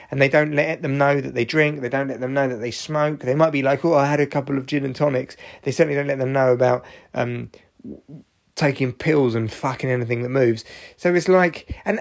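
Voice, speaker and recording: Gravelly 40s guy, worn out and achy, rambling and swearing through his solo podcast. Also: a little high. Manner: rambling, sweary, jokey storytelling. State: tired, achy after exercise. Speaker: podcast host. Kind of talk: casual solo podcast monologue.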